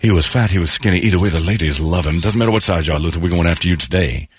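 A man's voice: deep voice, racing. A man hosting a morning radio show, telling rambling, jokey stories in casual chat. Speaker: radio host.

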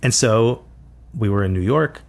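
A man being interviewed as an author, speaking reflectively and haltingly with frequent restarts. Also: fairly low pitch, vocal fry, darkish tone. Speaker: author guest.

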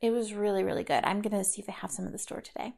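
A woman's voice: mid-range voice, steady tone, very fast, vocal fry, darkish tone. A woman in her thirties hosting a solo podcast, talking casually and reflectively with frequent "like" and "kind of.". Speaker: podcast host.

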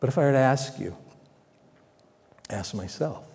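A male pastor delivers a sermon in an easy, conversational manner, putting questions to the congregation and pushing his voice louder on key points. His tone is mellow and dark. The recording carries the long reverb of a large hall. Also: mid-range voice, lively intonation, measured pace, creaky. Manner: conversational preaching, asks the congregation questions, swells louder for emphasis.

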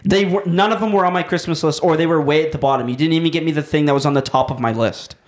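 A man's voice: on the high side, fast talker, natural voice. A man voicing a spoiled, ungrateful teenage son who whines and complains to his dad. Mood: whiny. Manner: whining, complaining. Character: spoiled whiny teenage boy, ungrateful and bratty. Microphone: cheap podcast mics.

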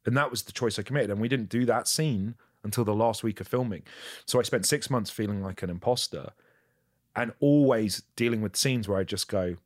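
This actor guest has a medium-pitched voice and tells frank, profane stories about his work, often mocking himself in casual conversation. It's a studio-quality recording with no echo.

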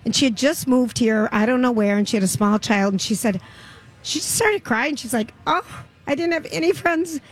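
A woman's voice: a little high, expressive, moderate pace, rough recording. A woman co-hosting a radio show, chatting casually and teasing her co-host. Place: fair broadcast booth.

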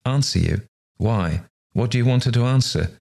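A man voicing a composed, somewhat severe aristocratic lady, brisk in manner. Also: mid-range voice, expressive, creaky, a little mellow, slightly rough, pitched above the performer's own voice.

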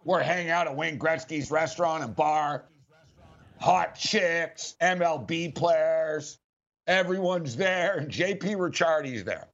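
A man hosting a sports talk show, telling stories in an animated, excitable way. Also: on the high side, takes it slowly. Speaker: sports radio host. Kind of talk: casual storytelling chat. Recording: dull lo-fi audio.

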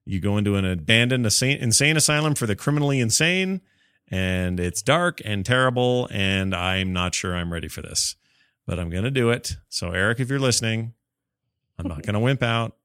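A man hosting a casual podcast, talkative and jokey, with a lively sign-off. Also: on the low side, moderate pace, clean tone, dry recording, clean studio sound. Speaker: podcast host.

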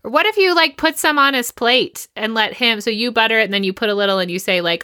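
A woman's voice: a little high, expressive, fast, hardly any pauses, sharp tone, dry recording, studio quality. A woman co-hosting a parenting podcast in casual chat, laughing often between remarks. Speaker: podcast co-host.

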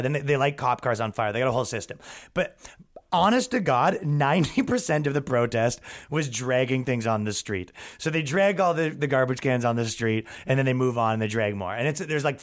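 A young man hosting a podcast, rambling through comedic stories with laughs and restarts. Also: medium pitch. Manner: rambling, laughing, frequent restarts and acted quotes. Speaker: podcast host. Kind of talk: comedic storytelling monologue.

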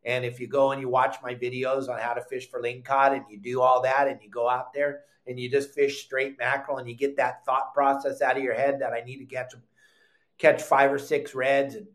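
An older man hosting a live fishing show, talking in a heated, emphatic way and repeating words for stress. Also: medium pitch. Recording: echoey room.

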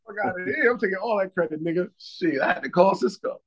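A man's voice: high-pitched, fast, highs cut off. A tired man on a podcast, talking in a casual, profane, joking way and laughing often. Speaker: podcast co-host. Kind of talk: casual chat.

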